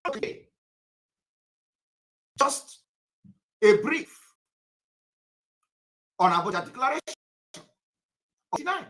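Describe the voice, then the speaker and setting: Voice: sits high, very animated, slow pace, pauses often, a bit bright, rough recording. A speaker giving livestream political commentary, lecturing viewers emphatically with repeated rhetorical questions.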